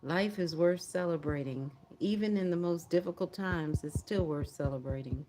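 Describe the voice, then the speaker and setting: A woman's voice: fairly low pitch, normal speed, over music. A woman hosting a livestream prayer watch, chatting casually, laughing often and reading viewer comments aloud.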